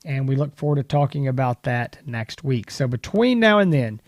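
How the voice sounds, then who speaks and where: A man's voice: medium pitch, very animated, normal speed, no room sound, studio quality. A man co-hosting a podcast in an easygoing, casual way, signing off the show. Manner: easygoing, brief agreeing interjections. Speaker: podcast co-host.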